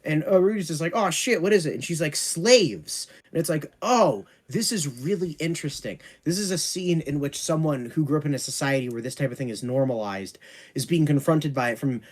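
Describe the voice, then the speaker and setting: A man's voice: on the high side, fairly quick. A man co-hosting a casual podcast, ranting sarcastically and swearing in exasperation. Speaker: podcast co-host.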